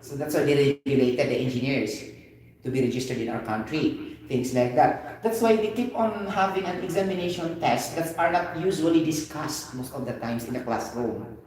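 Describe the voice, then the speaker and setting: A man's voice: fairly high pitch, normal speed, a little mellow. A man with a Filipino accent teaching a chemistry lesson in a loose, chatty way, often switching languages and checking in with "okay" and "get the point?". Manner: code-switching, repeats "okay" and "things like that". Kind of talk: informal video lesson. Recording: echoey room, distant mic.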